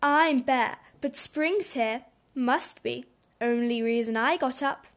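A woman voicing a big, sleepy male bear who answers in short, gruff phrases in a storybook. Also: high-pitched, slow. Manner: gruff, blunt, clipped.

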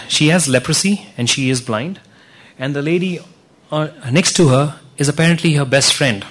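A man giving an earnest church talk with slides, telling stories with frequent restarts. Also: mid-range voice. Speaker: ministry speaker presenting to a church.

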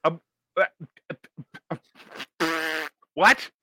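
A young man co-hosting a podcast, teasing his friend with playful, quick comebacks. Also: sharp tone, slight background noise. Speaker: podcast co-host. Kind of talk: casual banter.

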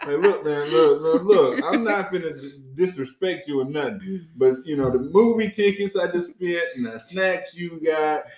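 A man telling stories in a casual chat, animated and profane, laughing often. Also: fairly high pitch, moderate pace, roomy sound.

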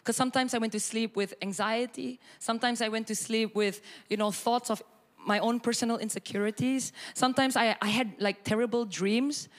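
A woman pastor, preaching and telling a personal story with animated, expressive delivery. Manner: animated storytelling, acts out quotes with sudden high bursts and laughter.

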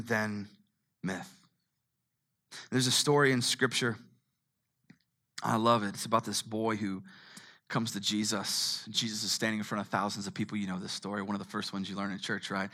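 A middle-aged man preaching a sermon. He swings from hushed tones to shouting. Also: fairly low pitch, steady tone, moderate pace, long pauses. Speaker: pastor.

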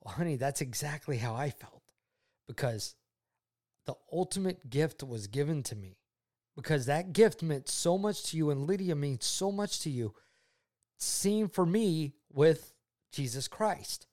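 A man's voice: on the high side, animated, a little slow. Earnest father sharing his faith. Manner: earnest and heartfelt, repeats himself, drops soft when moved. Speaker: father talking with his daughter. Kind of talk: personal faith testimony.

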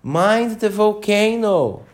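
Guy doing a squeaky, slow, fussy little chess queen, all flustered and out of breath, storybook style. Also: animated. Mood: alarmed.

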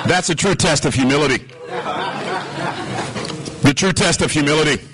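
A man's voice: fairly high pitch, normal speed, pauses often, a crowd in the background, low-quality recording. A man preaching a sermon, telling stories and acting out the dialogue, often asking the congregation questions. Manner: animated storytelling, acting out dialogue. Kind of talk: sermon with told anecdotes.

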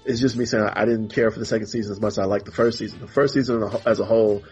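A man's voice: on the low side, steady tone, racing, darkish tone, breathy edge, dull audio, faint music behind. A man co-hosting a podcast in casual chat, rambling and exasperated, acting out characters in mock voices. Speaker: podcast co-host.

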